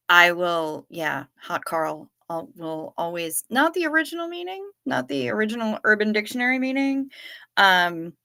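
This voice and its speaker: A woman's voice: lowish voice, sharp tone, no room sound, clean studio sound. A woman hosting a livestream, reading out viewer chat and replying in a jokey, profane, rambling way. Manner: jokey and profane, musing aloud with restarts. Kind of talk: casual chat.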